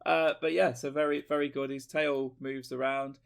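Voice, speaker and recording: A man chats away on a podcast, quick to get excited and throw in jokey asides. His voice has a gravelly rasp to it, sitting at an ordinary middle pitch. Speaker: podcast co-host. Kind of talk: casual chat.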